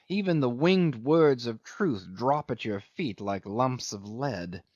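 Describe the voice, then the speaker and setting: A man narrates a literary novel in a measured, brooding voice, leaning into key words for emphasis. His pitch sits in an ordinary middle range. The recording is dull and lo-fi, dry and close. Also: no echo. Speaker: audiobook narrator.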